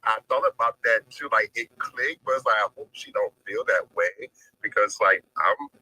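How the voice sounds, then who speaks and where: A man guesting on a faith live stream who talks earnestly and haltingly, near tears. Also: on the low side, lively intonation, pushed and bright, breathy edge, no room sound, poor audio. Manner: halting, earnest, many fillers. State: close to tears. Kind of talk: heartfelt faith conversation.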